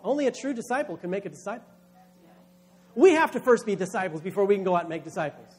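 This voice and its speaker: High-voiced man preaching a sermon. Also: fast talker, darkish tone, husky. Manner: emphatic preaching, acts out voices in quotes. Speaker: pastor.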